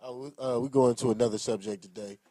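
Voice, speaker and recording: Man, podcast co-host, easygoing, opinionated, mellow tone, dry sound. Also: mid-range voice, fairly even intonation, fast, no echo. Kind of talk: casual chat.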